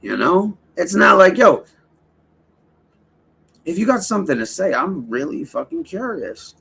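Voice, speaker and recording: A man's voice: high voice, sing-song, a little slow, vocal fry, pushed and bright, husky. A man hosting a casual livestream, rambling and swearing as he talks straight to his chat. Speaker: livestream host.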